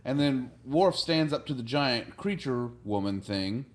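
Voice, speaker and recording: Guy on a podcast loosely retelling a tv episode, does little voices for the characters, middling pitch. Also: animated, unhurried. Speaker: podcast host. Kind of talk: casual episode recap.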